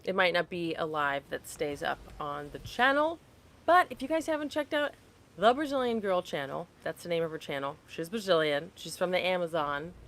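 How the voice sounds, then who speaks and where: A woman's voice: lowish voice, animated, moderate pace, fairly bright tone. Chatty woman hosting a phone livestream. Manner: chatty, laughs often, apologetic and easily sidetracked. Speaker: livestream host. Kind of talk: casual live chat with viewers. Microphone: phone held upright.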